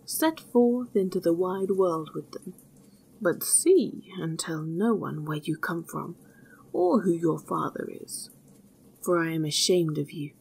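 A woman's voice: lowish voice, animated, slow pace, gravelly, darkish tone, slightly rough, full character voice. A woman voicing an older father who scolds his son in a weary, stern way in a storybook reading. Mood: scolding.

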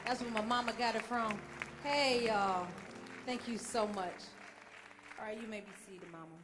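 A woman's voice: a little high, normal speed, over music, crowd noise. A middle-aged woman minister addressing a congregation in a playful call-and-response style. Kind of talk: lively church address to congregation. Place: large church sanctuary. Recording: echoey hall, congregation noise.

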